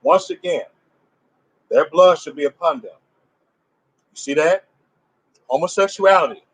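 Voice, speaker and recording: Fairly high in pitch, with lively intonation and a breathy edge, a man speaks a little slowly on a rough recording. He delivers an informal, emphatic religious teaching, pressing the audience with rhetorical questions and restarting his loosely built sentences.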